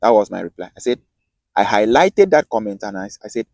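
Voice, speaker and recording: Fairly low in pitch with vocal fry, this slightly mellow voice moves a little fast and sounds very animated; the recording is dry. It belongs to a self-styled teacher with a Nigerian Akwa Ibom accent giving a passionate lesson, emphatic and prone to repeating and restarting phrases.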